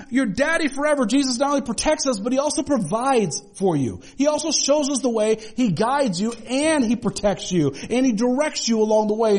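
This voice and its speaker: A man with a notably high voice preaches to his congregation in church. He talks in a loose, conversational way and drops in humorous asides. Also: a little mellow. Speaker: pastor. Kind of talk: sermon.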